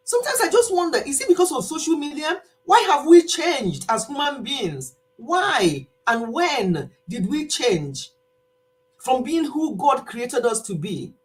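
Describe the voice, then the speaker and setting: A woman's voice: sits high, measured pace. A woman, old enough to be her viewers' mother, chatting casually with her live-stream viewers, laughing often and acting out the people she quotes. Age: older. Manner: animated, laughs often, quotes others in voices.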